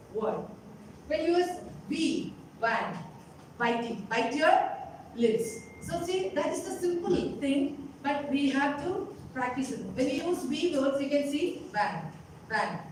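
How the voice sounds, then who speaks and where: A woman's voice: high-pitched, darkish tone, a little hiss or hum. A woman teaching a public speaking lesson to young students, often checking in with her listeners as she explains. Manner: instructive, often checking in with "okay?" and "isn't it?". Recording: very echoey room, voice far from mic.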